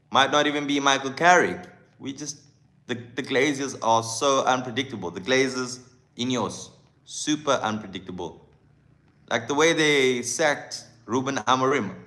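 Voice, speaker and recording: A man hosting a live fan stream, with a bright, forceful voice at a middle pitch. He talks with passion in a loose, chatty way and greets viewers by name. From South Africa. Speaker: football channel host.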